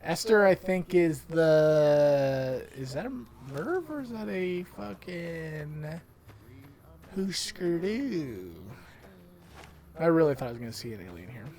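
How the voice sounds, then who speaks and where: A man's voice: on the high side, sing-song, takes it slowly, darkish tone. A man streaming a game, joking around and swearing casually as he plays. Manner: profane, joking banter. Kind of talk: casual gameplay chat.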